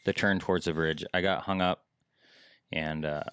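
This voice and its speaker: A man's voice: deep voice, fairly even intonation, moderate pace, fairly bright tone, clean tone, no echo, studio quality. A man who works as a fishing guide, chatting on a podcast in a laid-back, joking way. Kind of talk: casual fishing podcast chat.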